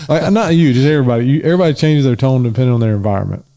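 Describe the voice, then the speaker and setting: A man's voice: mid-range voice, lively intonation, very fast, warm tone. A man with a Southern accent, co-hosting a podcast in a joking, storytelling manner. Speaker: podcast co-host. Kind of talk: casual chat.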